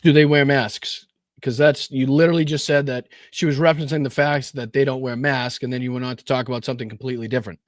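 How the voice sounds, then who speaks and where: Boston man, sarcastic and crude, mid-pitched voice, dry close mic. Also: steady tone, fast, few pauses, dry recording. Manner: sarcastic, blunt, profane. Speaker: live-stream commentary host. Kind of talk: reacting to news clips.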